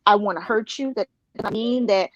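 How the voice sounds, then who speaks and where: A woman's voice: mid-range voice, brisk, no echo, lo-fi sound. A woman on a discussion panel, speaking earnestly and emphatically, with frequent restarts. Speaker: panel guest.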